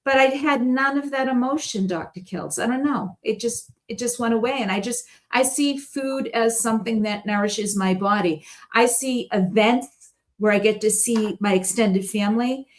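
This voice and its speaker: Woman, high-pitched, rambling storyteller, casual chat, laughs a lot. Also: normal speed. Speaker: guest.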